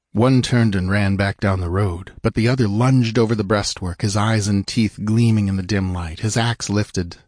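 Low-voiced man reading an adventure story. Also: a little mellow, no echo, clean studio sound. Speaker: audiobook narrator. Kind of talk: dramatic fiction reading.

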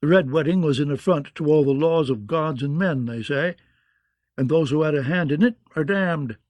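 Male narrator as a sly court advisor, slow and insinuating, mellow tone. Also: a little high, dry recording, lightly acted.

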